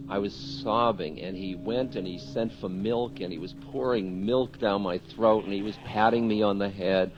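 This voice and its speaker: A man's voice: lowish voice, steady tone, normal speed, few pauses, lo-fi sound, music in the background. A man, a spiritual teacher, telling a candid story about himself in a talk, self-mocking and often chuckling.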